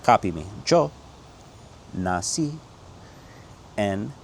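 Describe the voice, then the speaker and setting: A middle-aged American man giving an upbeat, casual Spanish lesson. He moves quickly between English explanations and slow, drilled Spanish phrases. His voice sits low, with a faint hum of ambience behind him. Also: big pitch swings, creaky. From United States. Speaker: Spanish teacher.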